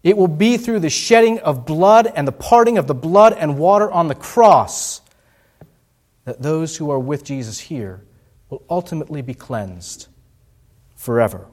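Male pastor, fairly high voice, sermon delivery with rising emphasis and soft low drops. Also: expressive, measured pace.

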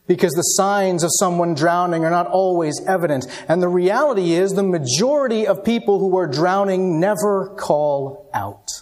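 Dramatic man preaching, higher-pitched voice. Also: normal speed, hardly any pauses. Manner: dramatic storytelling, shifting between hushed and raised passages. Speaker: pastor. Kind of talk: sermon.

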